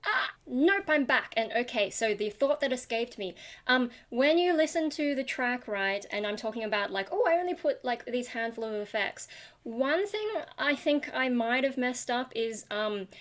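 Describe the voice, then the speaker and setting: A young woman with a slightly high voice talks casually into a webcam at home. She sounds tired and rambles, filling her talk with ums and likes. She keeps poking fun at her own singing. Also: lively intonation, moderate pace, fairly bright tone. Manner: rambling, self-deprecating, full of fillers. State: tired from lack of sleep. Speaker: singer and channel host. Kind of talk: casual commentary on vocal technique.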